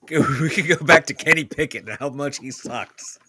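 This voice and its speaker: A man's voice: on the high side, a little slow, sharp tone, a little hiss or hum. Casual, swearing Pittsburgh podcast guy. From Pittsburgh area. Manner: loose, swearing, lots of "like" fillers. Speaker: podcast co-host. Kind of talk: casual sports chat.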